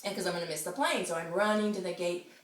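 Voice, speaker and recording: A woman telling a friend a story in casual chat, animated, often laughing and acting out the people she quotes. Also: fairly low pitch, fast talker. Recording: roomy, distant mic, noisy background.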